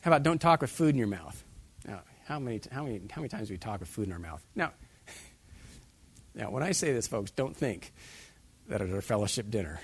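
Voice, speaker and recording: A man's voice: on the high side, lively intonation, fast talker, fairly bright tone, husky. A man preaching a sermon as pastor, putting many direct questions to his listeners.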